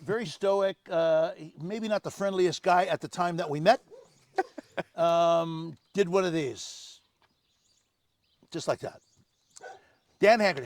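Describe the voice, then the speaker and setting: An older man, the guest, telling animated anecdotes in casual conversation, acting out other people's lines. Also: fairly high pitch, takes it slowly, long pauses. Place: home on Maui.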